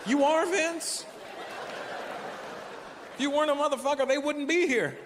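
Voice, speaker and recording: A man in his forties performing a stand-up comedy set, telling stories animatedly with profanity and loud punchlines. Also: very high-pitched, unhurried, noisy background. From Canada. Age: 40s. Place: large live venue. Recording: echoey hall with live crowd ambience.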